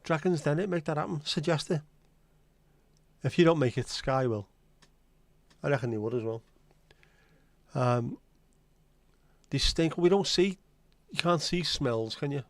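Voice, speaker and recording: A man's voice: fairly high pitch, animated, unhurried, long pauses, no room sound. Male host, rambling casual chat with viewers, dry close sound. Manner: rambling, chatty, answers chat comments aloud.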